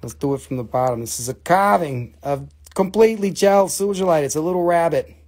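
Excitable man hawking crystals on a live stream. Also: fairly high pitch, a little fast. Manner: excitable, swears, jokes, talks to viewers. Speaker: live-stream seller of minerals. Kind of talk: casual live-sale patter.

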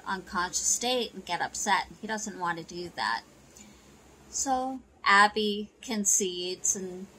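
A woman with a lowish, sharp voice retells a soap opera episode in a relaxed, chatty way, peppering it with "you know" and "she goes." The recording is rough, with slight background noise.

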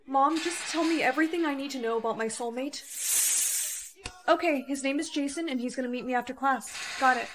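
A woman's voice: high voice, brisk, noisy background, natural voice. A woman acting a spoiled, dramatic teenage girl in a short comedy skit, bossy and whiny.

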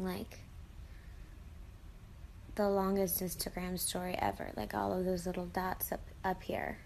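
A woman's voice: mid-range voice, vocal fry, darkish tone, a little hiss or hum. A woman chatting in a casual selfie video diary at home, bubbly and exclamatory, recorded on a phone held at arm's length. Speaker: vlogger. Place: at home indoors.

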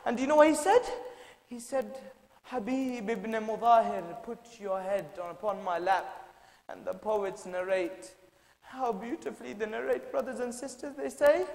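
Young man, mourning sermon, hushed then shouting and chanting, very high voice, roomy reverberant hall. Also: normal speed. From United Kingdom. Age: 20s. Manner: swells from hushed to shouted, chants lament lines. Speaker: lecturer. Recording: echoey hall with long reverb.

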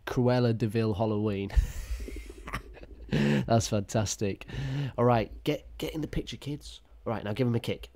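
Man, lowish voice, sarcastic reaction commentary, crude deadpan jokes, dry close sound. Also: normal speed, long pauses, no echo. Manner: crude, mocking, deadpan asides. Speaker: YouTube commentator.

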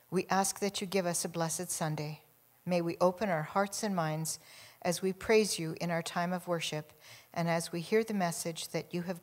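A woman reading a congregational prayer aloud in church, slow and measured. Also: fairly low pitch. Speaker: lay prayer leader. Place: church sanctuary.

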